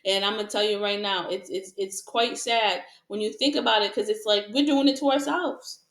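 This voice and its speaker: A woman's voice: medium pitch, steady tone, normal speed, fairly bright tone, roomy sound. A woman giving a casual tarot reading to her viewers, frank and repetitive, asking rhetorical questions and laughing often. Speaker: tarot reader.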